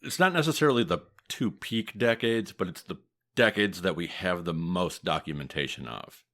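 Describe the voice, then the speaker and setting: A man with a Midwestern American accent hosting a podcast, telling history in a steady, matter-of-fact way with dry humor. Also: sits low, normal speed. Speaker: podcast host, mafia historian. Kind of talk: casual podcast chat.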